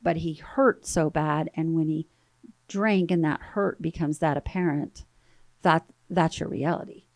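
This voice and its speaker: A woman in her thirties recounts her own story as an interview guest, earnest and halting as she repeats words. Her voice sits on the low side and sounds dry and close. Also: no room sound. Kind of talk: emotional personal storytelling.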